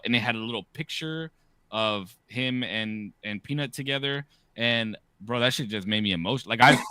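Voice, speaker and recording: A man in his thirties hosts a podcast, telling stories in a loose, profane, animated manner. His voice has a bright, forceful edge. The sound is dry and close. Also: mid-range voice, clear, resonant tone, no echo. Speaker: podcast host. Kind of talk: casual chat.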